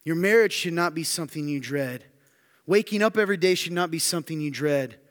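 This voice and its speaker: A male pastor delivers a brisk, animated sermon in a church hall, his words trailing off into long reverb. Emphatic throughout, he keeps posing rhetorical questions to the congregation and climbs toward loud, high-pitched fervor.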